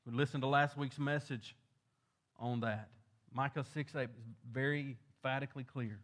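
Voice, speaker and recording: A man's voice: mid-range voice, steady tone, normal speed, fairly bright tone. A male pastor, preaching a sermon, building in emphasis on key points.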